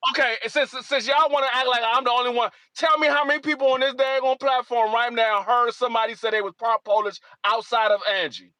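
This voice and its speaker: A man from Washington, D.C., co-hosting a podcast, telling stories in a loose, animated way, swearing and repeating himself. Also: very high-pitched, fairly quick, hardly any pauses, dry recording. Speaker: podcast co-host. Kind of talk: casual chat.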